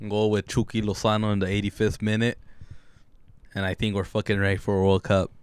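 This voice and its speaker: Laid-back young man with a smooth low voice. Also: level tone, a little fast. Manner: laid-back, profane, brief replies. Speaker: podcast co-host. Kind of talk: casual podcast banter.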